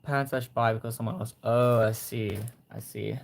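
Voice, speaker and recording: A young man hosting a casual livestream, reading viewer comments and gently encouraging them. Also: mid-range voice, fairly even intonation, moderate pace, creaky. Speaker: livestream host.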